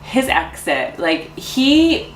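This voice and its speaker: A woman's voice: sits high, very animated, very slow, echoey room, slight background noise, low-quality recording. A woman co-hosting a casual recap chat, chatty and gushing, laughing often. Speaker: radio co-host.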